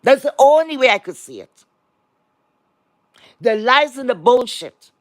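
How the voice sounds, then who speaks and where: Here the commentator's voice sits high and is very animated, though the pace stays measured. The rant is heated, blunt, and loaded with swearing, returning again and again to the same words while challenging viewers with rhetorical questions. It's a dry, close recording.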